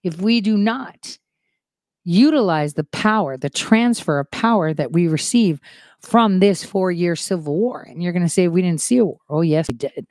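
Woman commentator, animated casual monologue, mid-pitched, close and dry. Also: dry recording. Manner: animated, quick shifts from soft asides to emphatic rises. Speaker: online commentator.

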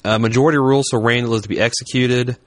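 A man's voice: mid-range voice, steady tone, racing, no echo. A man co-hosting a casual podcast, joking around and reading out spoiler summaries. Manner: wisecracking, reads a spoiler synopsis aloud. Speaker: podcast co-host.

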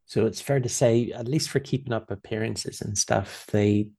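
A man's voice: on the low side, normal speed, mellow, husky. A man who is a guest on a podcast, chatting casually and dropping wry, joking asides while laughing easily. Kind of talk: casual chat.

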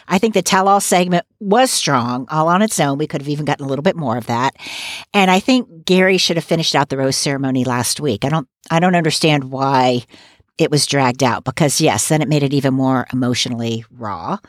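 A woman's voice: very deep voice, a little fast, no room sound, clean studio sound. A woman co-hosting a podcast recap, talking in an opinionated, casual way and laughing between points. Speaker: podcast co-host.

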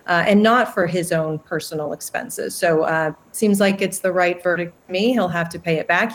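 A woman giving legal analysis in a news interview, measured and explanatory. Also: on the low side.

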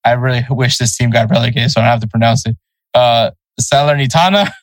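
A man's voice: mid-range voice, fast talker, no room sound, rough recording. A man co-hosting a casual sports podcast, loose and chatty, laughing at his own pronunciation slips. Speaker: podcast co-host.

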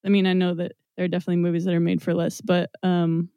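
A woman's voice: lowish voice, monotone, fast, warm tone, smooth, no room sound. A woman in casual podcast chat, rambling through a film's story with lots of fillers and laughter. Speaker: podcast guest presenting a film.

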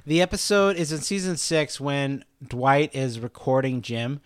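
Male podcast co-host, animated retelling, dry close mic. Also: measured pace, smooth, dry recording. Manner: retells scenes, quoting characters in a low muttered voice. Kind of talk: casual chat.

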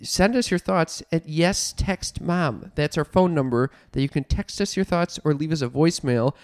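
A man's voice: on the high side, moderate pace, darkish tone, smooth, no room sound. A young man co-hosting a podcast, chatting casually and teasing with a playful manner. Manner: playful, teasing, laughs at his own jokes. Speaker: podcast co-host. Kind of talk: casual comedic chat.

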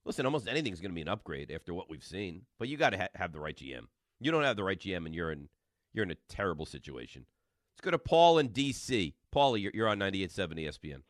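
A man hosting a sports talk radio call-in show, talking fast and arguing loudly with callers. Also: low voice, dry recording, clean studio sound. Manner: animated, loud and combative with callers.

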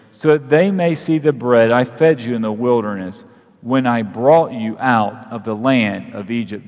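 A male pastor giving a sermon, reading scripture and then leading an altar call with rising fervor and drawn-out pauses. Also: medium pitch, long reverb tail.

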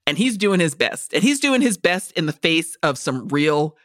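A woman's voice: low voice, moderate pace, no room sound, studio quality. A woman co-hosting a casual movie-review podcast, ranting with lots of swearing. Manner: animated, profane ranting with acted-out quotes. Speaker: podcast co-host.

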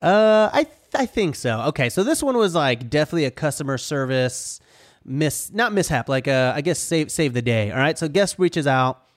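A man chatting casually on a podcast about running vacation rentals, animated and full of "like" and "dude", acting out what people said. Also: fairly high pitch, normal speed. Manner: animated, says dude and like a lot, acts out quotes. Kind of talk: casual chat, storytelling.

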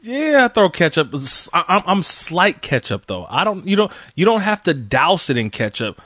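A lively man co-hosts a relaxed chat, his voice a little higher than most and swinging widely in pitch. He laughs often and repeats himself as he works out a thought. The sound is dry and close. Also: normal speed, no echo. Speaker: co-host reading listener questions. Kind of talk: casual chat.

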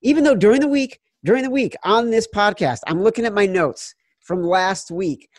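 A man in his forties, a podcast co-host telling a sports betting story and loudly acting out quotes. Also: high-pitched, moderate pace, no echo, clean studio sound. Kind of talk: casual sports betting chat.

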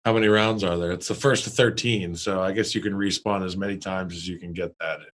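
A man's voice: sits low, steady tone, brisk, fairly bright tone, poor audio. A young man co-hosting a podcast in casual chat, blunt and joking. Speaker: podcast co-host.

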